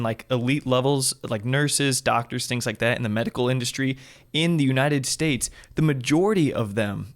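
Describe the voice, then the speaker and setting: A man hosting a podcast, asking casual, conversational interview questions. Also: medium pitch. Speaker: podcast host.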